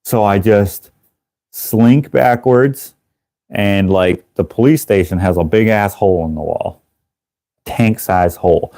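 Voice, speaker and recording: A man hosting a live stream, telling a rambling, animated story with casual swearing and laughter, jumping into high voices to act out other people. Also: takes it slowly, no room sound, studio quality. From Canada. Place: indoors, working on a craft while streaming.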